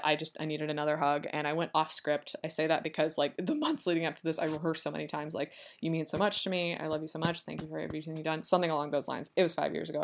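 A young woman hosting her own podcast, telling a personal story in a chatty, rambling way full of fillers, recorded at home. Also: sits low. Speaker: podcast host. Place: home room with her cats.

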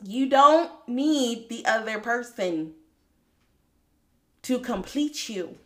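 Lively woman giving a faith pep talk. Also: on the high side, slow pace. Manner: lively, preachy, laughs often, talks straight to listeners. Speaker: podcast host. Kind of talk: faith-based motivational talk.

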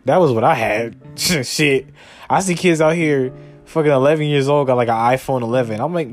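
A young man hosting a podcast goes on a profane comedic rant, animated and swearing heavily while mock-quoting people in a raised voice. His voice is mid-range at normal speed, with soft music playing in the background.

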